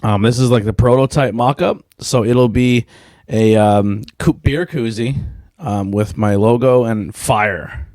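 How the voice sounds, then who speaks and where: A man in his thirties hosts a casual solo podcast, rambling in a laid-back way with plenty of fillers and swearing. His voice is medium-pitched, a little mellow and measured, captured as a dry, clean studio recording.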